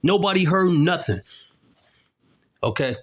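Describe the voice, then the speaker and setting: Middle-aged man, raised pitch, emphatic vlogger cadence, pointed and insistent, checks in with "okay?". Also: lively intonation, a little slow. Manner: indignant, accusatory, keeps tagging "okay?"; explains while showing documents to the camera. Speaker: independent video commentator. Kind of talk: emphatic on-camera commentary.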